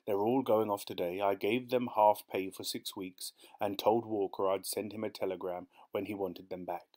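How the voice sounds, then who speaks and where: A man's voice: fairly low pitch, fairly even intonation, moderate pace, a little mellow, lightly acted. A man doing a smug, dismissive old husband. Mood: curt, dismissive. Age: older. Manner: curt, dismissive.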